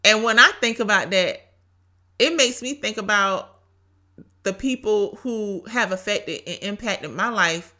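Bright-voiced woman preaching casually. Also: medium pitch, unhurried. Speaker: podcast host. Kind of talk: faith-based solo podcast talk. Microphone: home podcast mic.

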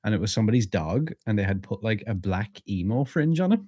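A man's voice: on the low side, animated, quick pace, warm tone, husky. A man co-hosting a podcast in casual chat, telling stories in a laid-back way with fillers. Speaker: podcast co-host.

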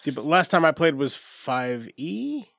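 A man's voice: fairly high pitch, big pitch swings, measured pace, creaky, fairly bright tone, no echo, studio quality. A congested man hosting a casual podcast interview, easygoing and laughing often. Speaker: podcast host.

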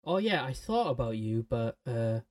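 A young man in his twenties chatting on a podcast, blunt and full of casual swearing. His voice sits at a middling pitch. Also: very animated, normal speed, darkish tone. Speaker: podcast co-host. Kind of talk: casual chat.

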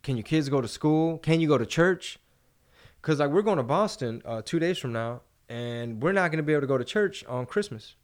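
A man's voice: on the high side, fairly quick. Profane, rambling male podcast host. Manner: rambling, profane, animated storytelling. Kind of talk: casual podcast chat.

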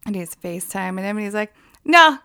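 A woman's voice: medium pitch, normal speed, gravelly, fairly bright tone, dry recording, clean studio sound. A woman chatting casually, laughing often as she recalls funny scenes. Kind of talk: casual chat.

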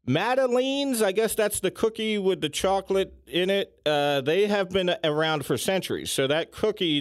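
A man's voice: on the high side, no room sound. Chatty man with a dry close sound. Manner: chatty, lively emphasis with filler ums. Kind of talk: casual chat.

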